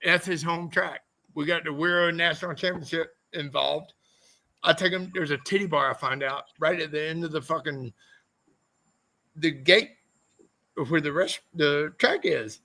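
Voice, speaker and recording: Gravelly high-voiced man telling profane stories. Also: moderate pace, bright, forceful tone, low-quality recording. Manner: profane, rambling anecdotes. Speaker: podcast guest, former motorcycle racer. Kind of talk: casual storytelling interview.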